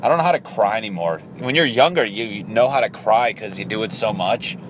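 Man, around thirty, low-ish voice, crude jokey podcast ramble, faint vehicle noise. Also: lively intonation, brisk. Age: 30s. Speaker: podcast host. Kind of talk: casual solo podcast monologue.

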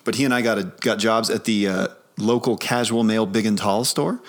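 A man's voice: fairly low pitch, brisk. A man in his forties co-hosting a podcast, telling rambling, easygoing stories full of fillers. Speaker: podcast co-host. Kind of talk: casual chat.

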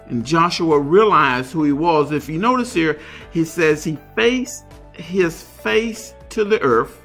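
A man with a fairly high, gravelly voice teaches a Bible study. He reads scripture aloud and then explains it in an unhurried, plain way. Faint music plays behind him. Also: animated, pushed and bright. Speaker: pastor.

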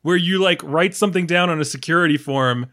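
A man's voice: on the high side, fairly quick. A man co-hosting a podcast, originally from New York, telling stories in a casual chat and acting out the people he quotes. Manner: animated storyteller, acts out quoted dialogue. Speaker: podcast co-host.

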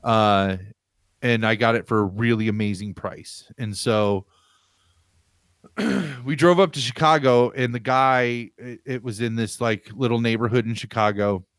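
A man in casual chat, telling an animated, rambling story from his home on a video call. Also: mid-range voice, unhurried, dry recording, clean studio sound. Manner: animated, rambling, laughs while telling stories. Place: home room with pinball machines.

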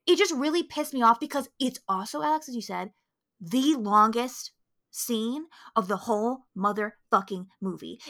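A woman's voice: a little high, pushed and bright. A woman co-hosting a film podcast, ranting emphatically with lots of swearing. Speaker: podcast co-host. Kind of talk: casual film review chat.

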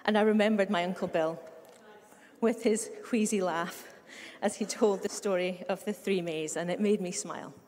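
A middle-aged woman pastor with a Scottish accent gives a chatty, story-filled sermon peppered with humorous asides. Her medium-pitched voice is darkish and fairly even in intonation at a moderate pace, and the large room lends a long reverb.

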